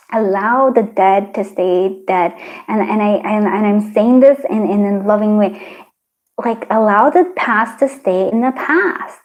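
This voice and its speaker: A woman giving a pick-a-card tarot reading, talking in a gentle, encouraging way, rambling with many fillers and restarts. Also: fairly high pitch, low-quality recording. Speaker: tarot reader.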